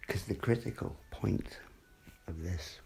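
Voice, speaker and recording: A man's voice: sits low, slow, vocal fry, mellow. A man rambling and swearing in a late-night home monologue, often dropping into murmurs and whispers. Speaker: vlogger. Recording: noisy home recording.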